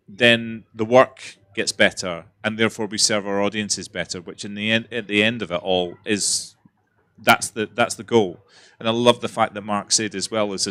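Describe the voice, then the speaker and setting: A man's voice: fairly low pitch, sharp tone, dry recording. A man with a Scottish accent, a theatre director speaking frankly and earnestly on a festival panel. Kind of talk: panel discussion.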